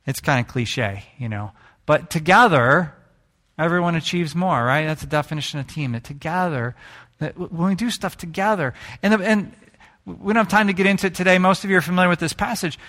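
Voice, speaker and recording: A man preaching a sermon, telling stories in an animated way and joking with the congregation. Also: on the high side, a little fast. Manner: animated storytelling, jokes with the congregation. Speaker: pastor.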